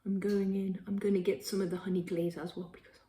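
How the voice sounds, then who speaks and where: A woman's voice: medium pitch, little pitch movement, quick pace, warm tone, reverberant. A woman hosting a home cooking vlog, chatting bubbly and giggly to her viewers as she bakes and tastes. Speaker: cooking channel host. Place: home kitchen.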